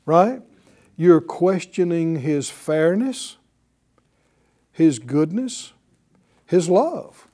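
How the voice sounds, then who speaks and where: A man's voice: sits high, dark tone. A man teaching a sermon, asking the audience questions and drawing replies from them. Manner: slow, questioning delivery with audience call-and-response. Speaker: Bible teacher.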